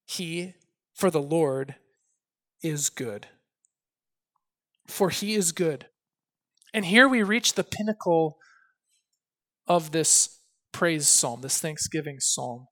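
A pastor preaching a sermon, emphatic, slowing down to stress key phrases and swinging between loud and soft. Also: male voice, on the high side, lively intonation. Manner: reads scripture aloud with expression.

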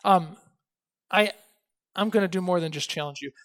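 A pastor preaching a sermon, emphatic, slowing down to stress key phrases and swinging between loud and soft. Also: male voice, high voice. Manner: reads scripture aloud with expression.

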